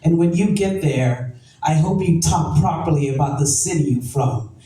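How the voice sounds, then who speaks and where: A woman's voice: low-pitched, normal speed, mellow, far from the mic. A woman performing spoken word poetry with a rhythmic, emphatic delivery and repeated refrains. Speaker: poet. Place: event venue, roomy. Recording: echoey room from afar, faint noise.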